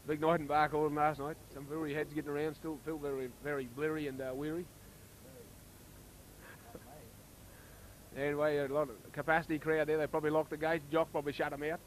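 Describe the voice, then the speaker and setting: An Australian man giving casual, chatty commentary on a local rugby league match, getting excited when play heats up. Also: fairly high pitch, fairly quick, pauses often, slight background noise, poor audio.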